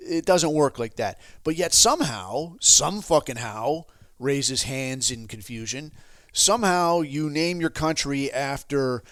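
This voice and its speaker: A man's voice: medium pitch, measured pace, a bit bright, no room sound. Male podcast host, heated profane rant delivery, mid-range voice, dry room. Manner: heated, swearing constantly, sarcastic asides.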